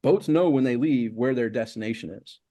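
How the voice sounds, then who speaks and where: During an interview conversation, a middle-aged man speaks at normal speed in a dark, mid-range voice. As a success coach, he hammers home repeated, emphatic lists of steps.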